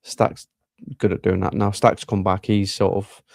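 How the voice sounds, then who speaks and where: A man with a Yorkshire accent, co-hosting a casual football podcast in an animated way. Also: on the low side, a little slow, creaky, dry recording, clean studio sound. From England. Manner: animated, acts out players' voices. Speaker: podcast co-host.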